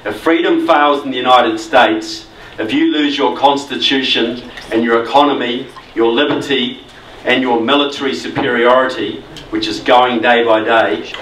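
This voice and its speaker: A man's voice: mid-range voice, a bit bright, slight background noise. A man from New Zealand with a New Zealand accent, giving a conversational but emphatic public talk as guest speaker. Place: meeting hall. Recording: echoey hall, mic from far off.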